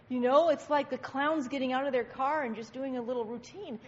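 High-voiced woman preacher, rhetorical questions, teasing, dull recording with long hall reverb. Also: moderate pace, few pauses, darkish tone. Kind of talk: sermon.

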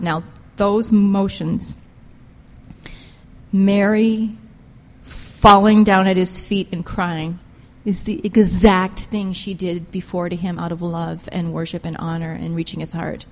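A woman's voice: fairly low pitch, level tone, slow. Impassioned woman preaching in a reverberant hall. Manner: impassioned, emphatic, rises and drops sharply in loudness. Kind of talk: sermon.

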